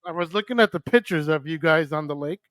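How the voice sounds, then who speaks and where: Speaking quickly in a highish, somewhat bright voice with no room sound, an older man from New runs a live radio stream. He and a friend banter loosely, trading jokes and profanity.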